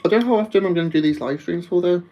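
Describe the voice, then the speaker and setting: A man's voice: high voice, racing, lo-fi sound. A man with a Wolverhampton accent chatting casually on a live stream, rambling and laughing often.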